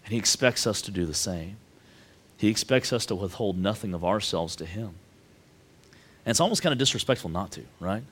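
A man, preaching a sermon as pastor in a relaxed, conversational way, often checking in with "right?". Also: fairly low pitch, fairly quick, husky. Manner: conversational, tags lines with "right?".

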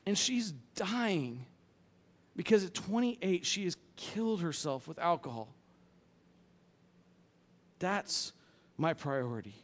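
High-voiced blunt joking male pastor. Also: sing-song, slow, long pauses. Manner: casual, blunt and joking, with big swings in loudness. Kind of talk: sermon.

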